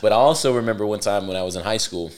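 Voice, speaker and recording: A man from Mississippi, a podcast guest talking in a relaxed, chatty way. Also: fairly low pitch. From Mississippi, USA. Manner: relaxed, chatty, quick agreement. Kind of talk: casual chat, storytelling.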